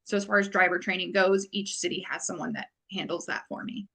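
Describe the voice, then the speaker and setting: A woman's voice: fairly low pitch, fairly even intonation, a little fast, creaky, a bit bright. A woman business owner as a podcast guest, talking at length with many fillers. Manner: wordy, rambling, many fillers. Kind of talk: casual podcast interview.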